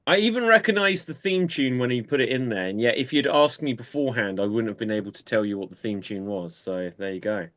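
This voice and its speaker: A man with a middle-pitched voice hosts an online comedy show. He sets up each round briskly and draws out his sign-offs. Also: expressive, a bit bright. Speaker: host. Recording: video call audio.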